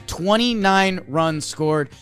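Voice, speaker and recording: A man co-hosting a sports podcast, animated and excitable, with lots of fillers, also reading an ad. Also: high voice, slow pace, clean tone, soft background music. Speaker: podcast co-host. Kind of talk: energetic sports recap and ad read.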